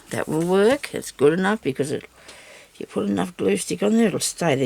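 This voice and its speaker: A gravelly, expressive woman's voice on the low side speaks briskly over a noisy background. She's a crafter filming a tutorial, chatting casually to herself and her viewers as she works and teasing herself with small laughs.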